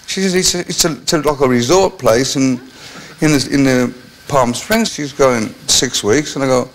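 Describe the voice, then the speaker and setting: A man's voice: mid-range voice, moderate pace, rough recording. A man telling rambling, self-mocking anecdotes as a guest on a chat show, with many restarts.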